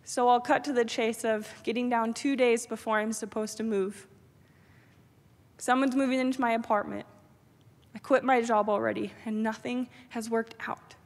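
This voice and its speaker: A woman from New York giving a devotional address in a large theater, telling her story with emotion and swinging from loud pleading to hushed whispers. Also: a little high, steady tone, moderate pace. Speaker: public speaker. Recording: long hall reverb.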